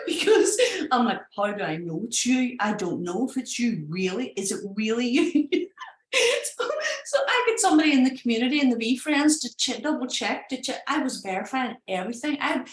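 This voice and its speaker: An Irish woman, a project founder, telling a story in casual, animated talk and acting out the people she quotes. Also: mid-range voice, reverberant, rough recording. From Ireland. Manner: animated, acts out voices in quotes.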